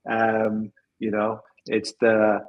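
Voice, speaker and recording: Muffled audio carries a fairly low male voice that is completely flat and very slow. The speaker, who runs a tech company, is a guest in a casual interview, thoughtful and rambling, with restarts and little laughs.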